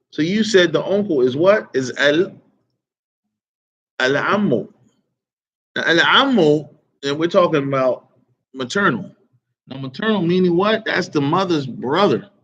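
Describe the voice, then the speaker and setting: A man teaching an Arabic vocabulary lesson, quizzing his students and repeating each word slowly. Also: on the high side, fairly bright tone. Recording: dull lo-fi recording.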